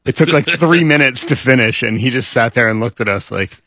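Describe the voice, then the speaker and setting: Bright-voiced storytelling male co-host. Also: medium pitch, fairly quick, no echo. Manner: animated storytelling with laughs. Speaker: radio show co-host. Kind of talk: casual radio banter.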